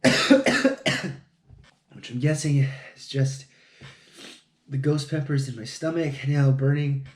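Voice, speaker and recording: Slow-talking, foul-mouthed man vlogger. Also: mid-range voice, fairly even intonation. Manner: profane, mumbling to himself, self-mocking. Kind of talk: casual solo vlog talking to camera while building. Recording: echoey room.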